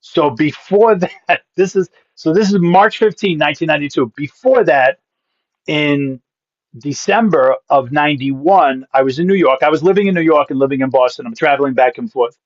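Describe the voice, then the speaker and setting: Pastor-comedian guest from Massachusetts, lively punchy storyteller, slightly high-pitched, dry and muffled mic. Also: male voice, no room sound. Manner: animated, punchy comic delivery with quick asides. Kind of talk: comic storytelling in a podcast interview. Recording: dull, dry sound.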